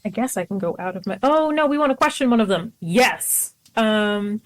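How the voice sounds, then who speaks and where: A woman's voice: mid-range voice, lively intonation, normal speed, poor audio. Chatty woman playing a tabletop game. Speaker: player. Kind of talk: casual tabletop game play.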